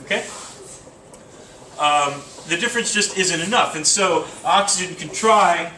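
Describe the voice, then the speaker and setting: A man's voice: high-pitched, measured pace, background noise. A man teaching chemistry to a class, casual and joking, thinking aloud with fillers. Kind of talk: classroom lecture. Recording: roomy classroom from a distance.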